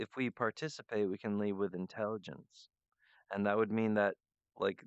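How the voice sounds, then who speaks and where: A man on the low side, with a somewhat bright, clean tone, hosts his own show in a meandering solo monologue that drifts freely from one idea to the next. The recording is dull, lo-fi and dry, with no room sound.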